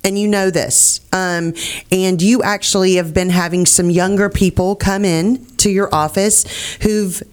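A woman's voice: medium pitch, fairly even intonation, measured pace, a little mellow, clean tone. Bubbly woman, talk show host. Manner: bubbly, laughs often. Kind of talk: casual on-air chat.

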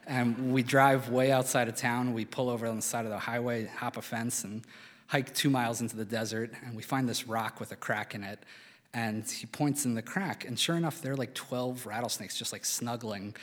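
A man from Philadelphia, USA, tells a true story on a live stage in a casual, chatty manner, filling it with "like" and small fillers. His mid-range voice keeps a steady tone at a normal pace. The hall is reverberant.

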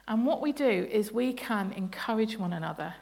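At a church service, a Bible study leader runs an interactive family sermon, laughing playfully as she puts questions to the congregation. Her voice is medium-pitched and somewhat dark, with lively intonation, a normal pace, and some vocal fry.

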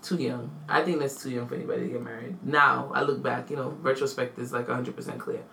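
A woman, chatting casually as a podcast co-host and telling animated stories with acted-out quotes. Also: very deep voice, fast, vocal fry, roomy sound, far from the mic, a little hiss or hum. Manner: animated storyteller, acts out quotes, bursts into laughter. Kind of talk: casual chat.

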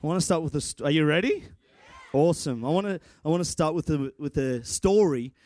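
A man's voice: a little high, fast talker, dark tone, no room sound. A man preaching a sermon and telling a self-mocking personal story. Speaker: pastor.

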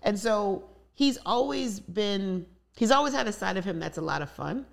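A woman's voice: mid-range voice, expressive, moderate pace, vocal fry. A woman in candid conversation, telling personal stories openly with many asides. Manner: open, storytelling with many asides. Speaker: guest.

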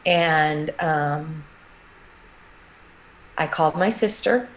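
A middle-aged woman, a guest in an interview, telling a personal story in a halting, emotional way with many restarts. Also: sits low, rough recording.

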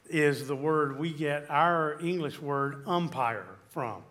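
A man with a bright, fairly high voice preaches a sermon. He reads verses aloud and keeps asking his listeners questions as he teaches. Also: takes it slowly, few pauses. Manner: teaching with scripture, asks the audience questions. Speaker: pastor.

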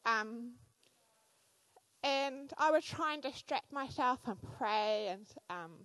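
A woman in her thirties, a church speaker giving a sermon, telling animated personal stories with frequent fillers. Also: a little high, takes it slowly, no echo, low-quality recording.

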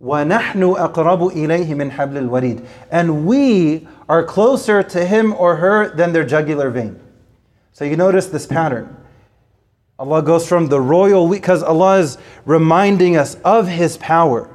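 A man's voice: on the high side, measured pace, a little mellow. A man giving an earnest sermon, repeating phrases for emphasis and reciting scripture in Arabic. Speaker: Islamic preacher.

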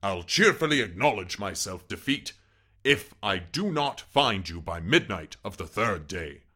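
A man's voice: fairly low pitch, big pitch swings, unhurried, pushed and bright, breathy edge, exaggerated voice. A man voicing a suave, menacing aristocratic Cossack general in an audiobook reading, with a courtly, mocking manner.

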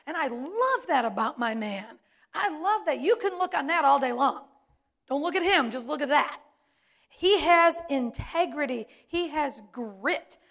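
A woman's voice: sits high, fairly bright tone. A woman, a pastor's wife, preaching a sermon with emphatic delivery and repeated key words.

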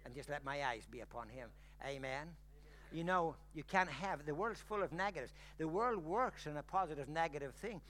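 Older male preacher, bright and slightly high, storytelling sermon that builds up to loud exclamations. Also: expressive, moderate pace. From Ireland.

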